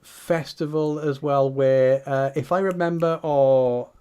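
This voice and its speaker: A man's voice: on the high side, fairly even intonation, slow pace, mellow, clean tone. A man from Wales hosting a casual group chat, laughing often and rambling through restarts. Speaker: podcast host.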